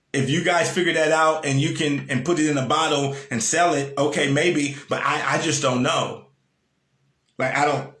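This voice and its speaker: A man's voice: a little high, a bit bright, roomy sound. A man giving a casual motivational talk, repeating lines for emphasis and asking his listeners questions. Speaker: motivational speaker.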